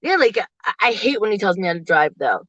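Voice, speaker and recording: A woman in her forties chatting casually to viewers from her parked car, laughing often and getting animated when she quotes people. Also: medium pitch, fast talker, dry recording, dull audio. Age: 40s. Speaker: livestream host.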